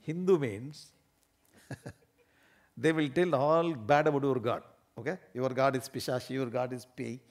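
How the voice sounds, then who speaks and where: A man giving an animated, emphatic spiritual discourse, often laughing as he talks. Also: medium pitch, unhurried, long pauses.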